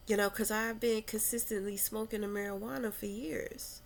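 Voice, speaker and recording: A young adult woman vlogging candidly about her spiritual struggles, talking in a slow, meandering way with many fillers and restarts, and audibly emotional. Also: fairly high pitch, fairly even intonation, vocal fry, slight background noise. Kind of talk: candid personal reflection.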